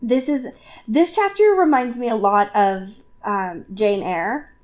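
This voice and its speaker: A woman's voice: a little high, darkish tone. Woman, podcast co-host, casual chat, chatty, lots of fillers, book recap. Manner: chatty, filler-heavy, acts out characters in quick asides.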